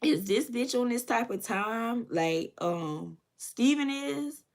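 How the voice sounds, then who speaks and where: A woman's voice: on the high side, takes it slowly. A woman voicing a sassy, suspicious young woman.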